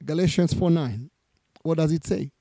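A male pastor delivers a sermon at a normal pace, his voice high-pitched yet mellow. He reads from scripture and repeats important lines for emphasis, captured in a dry, close recording.

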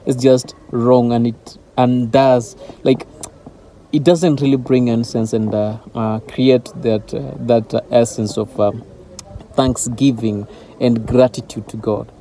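A man's voice: medium pitch, fairly even intonation, a little slow, dark tone, a little hiss or hum. A man giving an informal devotional talk as a Christian teacher, earnest and driving his points home through repetition.

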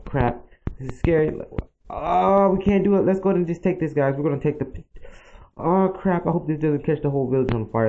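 A man's voice: mid-range voice, dark tone. A man giving casual, rambling commentary as he plays a game, talking straight to his viewers. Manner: chatty, rambling, talks to viewers. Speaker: gaming channel host. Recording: dull lo-fi mic with faint noise.

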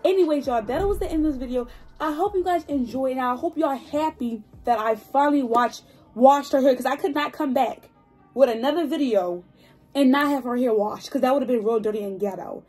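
A woman in her twenties chatting excitedly to her viewers in a hair vlog, gushing and talkative. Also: sits high, fairly quick, slightly rough, faint music behind. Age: 20s. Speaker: hair vlogger. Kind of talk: casual chat to viewers. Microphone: phone.

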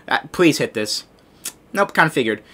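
A young man talks over his own gameplay in a hot room at home, sweaty and overheated. His voice is bright and swings widely in pitch as he rants, groans and yells at the screen. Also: big pitch swings, moderate pace. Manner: frustrated ranting, yelling at the game. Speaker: gaming video creator. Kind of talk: live gameplay commentary.

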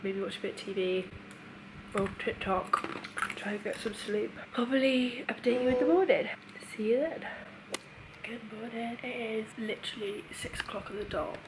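Her fairly high voice moves at a normal pace as she chats to her phone in a hospital room after nose surgery. The young woman's casual vlog is emotional and full of laughter, and the recording is noisy.

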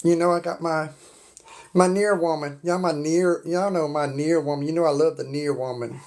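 A woman's voice: deep voice, steady tone, normal speed, a little mellow. A woman, chatting on a phone live stream and greeting viewers by name. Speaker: livestream host. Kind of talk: casual live stream chat. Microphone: phone on a stand.

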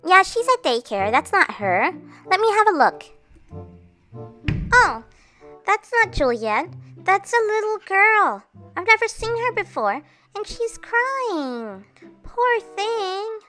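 A woman's voice: very high-pitched, very animated, slow, pauses often, pushed and bright, faint music behind, heavily acted. Woman doing a kind, cheerful girl doll. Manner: soothing, reassuring.

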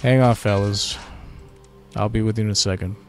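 A man hosting casual gameplay commentary, relaxed and chatty as he thinks aloud while playing. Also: fairly low pitch, normal speed, soft background music. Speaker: gaming channel host.

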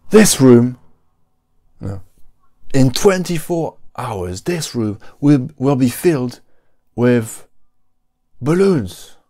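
Brief: over-the-top male video host, high and loud, hype-man delivery, put on by a low-voiced man. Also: lively intonation, drawn-out words, full character voice. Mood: hyped. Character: overexcited male video host hyping stunts.

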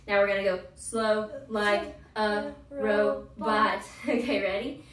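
A homeschool teacher and channel host in her thirties leads a grammar lesson, chanting verb forms in a cheerful sing-song as she coaches a child. Her mid-range, slightly bright voice moves at a measured pace and sounds far off in a roomy echo, with slight background noise.

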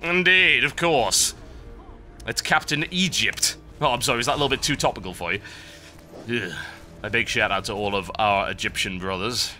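A man giving sardonic, animated commentary over a video game he is playing. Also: lowish voice, a little fast, soft background music. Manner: sardonic, animated, wry complaints. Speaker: gameplay commentator. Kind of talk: let's-play commentary.

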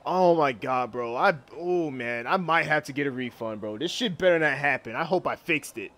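A man giving gaming commentary, excitable and profane, reacting out loud as he plays. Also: fairly high pitch, normal speed. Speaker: gaming video host.

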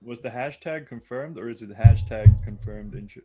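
A man's voice: medium pitch, moderate pace, highs cut off, loud music behind the voice. A young man in his twenties chatting casually on a stream and riffing on movie cliches. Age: 20s. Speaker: co-host on a dev stream.

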